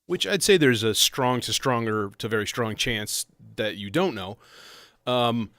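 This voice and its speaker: A man's voice: medium pitch, a little slow, fairly bright tone, clean tone, no echo. A man hosting a casual livestream about modular synths, rambling and self-interrupting as he talks. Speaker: livestream host. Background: faint synth music.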